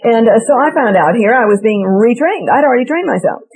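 A woman's voice: on the high side, expressive, fairly quick, darkish tone, rough recording. A woman from Massachusetts with a Boston accent, telling a wry, self-mocking personal story to a live audience and asking them direct questions. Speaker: speaker addressing an audience.

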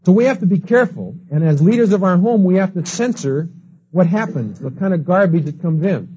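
Husky, mellow-toned man teaching a class in a lively storytelling way, dull lo-fi tape. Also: high voice, a little fast. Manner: storytelling, acts out quoted people. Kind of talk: lecture with anecdotes. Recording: dull lo-fi recording.

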